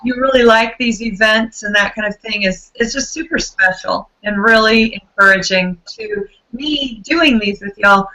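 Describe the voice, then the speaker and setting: A tired woman with a gravelly voice, effusively hosting an online book club chat over a video call. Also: on the high side, animated, normal speed, hardly any pauses, low-quality recording. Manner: warm, effusive, chatty.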